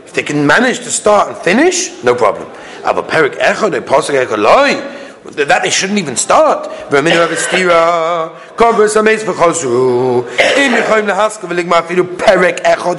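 A man with a fairly high voice leads a daily Talmud lesson. He reads a phrase aloud and moves straight into a brisk explanation of it. Small chuckles come between his points. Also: fairly bright tone. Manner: quick explanatory delivery, translating phrases as he reads. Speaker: Talmud teacher.

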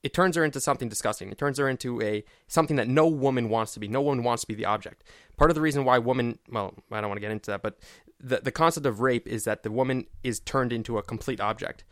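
A man's voice: medium pitch, fast talker, fairly bright tone, no echo, clean studio sound. A man co-hosting a religious discussion podcast, putting direct questions and citing sources. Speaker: podcast co-host.

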